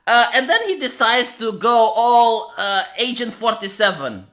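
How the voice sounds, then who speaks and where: High-voiced man ranting about anime. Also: lively intonation, unhurried, bright, forceful tone. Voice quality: profane, sarcastic ranting. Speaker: anime reviewer. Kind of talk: casual commentary over clips.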